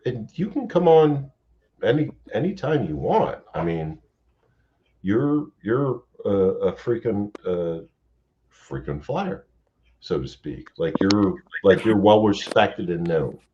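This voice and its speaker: A man's voice: fairly low pitch, big pitch swings, takes it slowly, dark tone. A man hosting a casual late-night livestream, rambling and swearing freely as he chats with guests. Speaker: livestream host. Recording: dull lo-fi stream audio with faint hiss.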